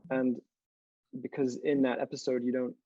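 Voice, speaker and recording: Dark-toned young man, chatty. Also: mid-range voice, little pitch movement, moderate pace, no room sound, dull audio. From France. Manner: chatty, enthusiastic, many fillers. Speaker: actor guest. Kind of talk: casual interview chat.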